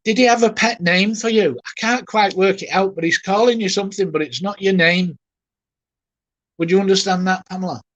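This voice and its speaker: A man working as a spiritualist medium, giving a live reading in a gentle, halting, often emotional way while softly reassuring the person he addresses. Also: high voice, no echo, dull audio.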